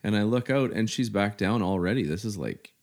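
A man, a podcast guest telling a story with animation and acting out shouted quotes. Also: on the low side, expressive, brisk.

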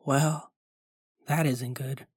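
A folksy ice cream truck driver coaxes gently in a dry, close voice, as a man reads him aloud. He keeps an even, mid-pitched delivery with little rise and fall. The voice sits right on the mic with no room around it. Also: very slow, breathy edge, no echo. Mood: coaxing.

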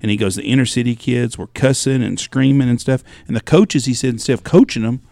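Gravelly, blunt man in chat. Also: mid-range voice, fairly even intonation, a little fast, mellow, dry recording. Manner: blunt, profane, relays what others told him. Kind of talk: casual chat.

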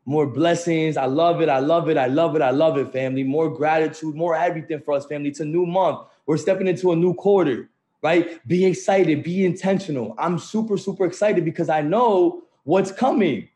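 Male motivational host, slightly higher voice, upbeat and repetitive, talking over a video call. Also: fairly quick, warm tone. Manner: upbeat, repetitive, keeps saying "right?" and "family". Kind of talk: motivational group call talk.

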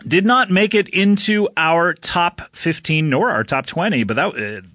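A man's voice: fairly high pitch, lively intonation, moderate pace, pushed and bright, no echo, clean studio sound. A man hosting a comedy podcast, introducing clips in a playful, giggly way and stretching words for a gag. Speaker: podcast host.

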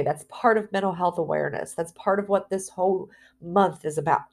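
Earnest woman giving a motivational talk. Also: lowish voice. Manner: earnest, emphatic, slows down for emphasis.

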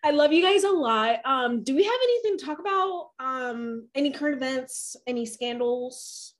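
A woman co-hosts a podcast in loose, affectionate chat. Her voice is high and swoops through a wide range, and she breaks into laughter often. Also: expressive, moderate pace. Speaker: podcast co-host. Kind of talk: casual chat.

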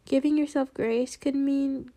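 A woman hosting a reflective solo podcast, a little nasal from allergies, speaking in a gentle, earnest way. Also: high-pitched, fairly even intonation, unhurried. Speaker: podcast host.

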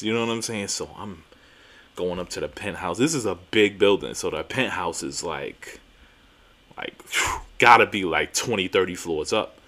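A young man hosting a podcast, telling a story in a casual, animated, profane and self-mocking way, with emphatic repetitions. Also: sits low, moderate pace. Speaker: podcast host.

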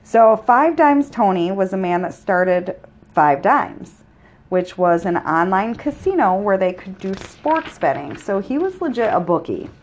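A woman's voice: medium pitch, a little slow. Profane, joking woman co-host. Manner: profane, joking, animated storytelling. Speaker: podcast co-host. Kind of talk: casual true-crime chat.

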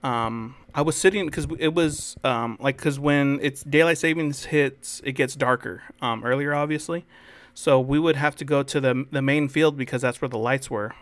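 A man's voice: medium pitch, normal speed, fairly bright tone, no room sound. A young man co-hosting a podcast, telling school stories in a rambling, swear-filled casual chat. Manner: rambling storyteller, swears freely. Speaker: podcast co-host.

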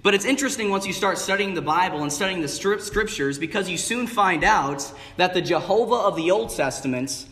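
A man's voice: high-pitched, lively intonation, brisk, few pauses, fairly bright tone. A man preaching an evening sermon in a church, with an emphatic cadence that stretches out key words. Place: church sanctuary. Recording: long reverb of a hall. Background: congregation calling out replies.

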